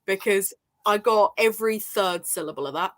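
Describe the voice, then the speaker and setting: A woman's voice: mid-range voice, normal speed, fairly bright tone. A woman hosting a casual book discussion over a video call, chatty and laughing often. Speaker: book club host.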